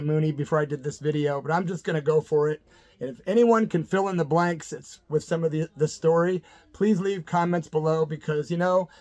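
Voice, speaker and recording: A middle-aged man from the American Midwest tells an old story in a loose, rambling way, full of fillers and asides. His voice sits a little higher than most men's. He talks casually, straight to his viewers. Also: darkish tone. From Midwestern United States. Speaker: channel host.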